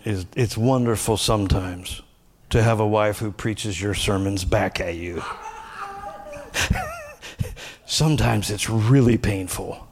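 A middle-aged man preaching a sermon, swinging between emphatic high bursts and quieter personal asides. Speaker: pastor.

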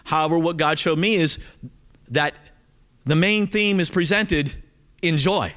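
A man's voice: fairly high pitch, a little slow. A male pastor with a Southern accent preaching a sermon, talking straight to his congregation with frequent check-ins. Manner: animated, talks straight to the congregation with frequent "okay?".

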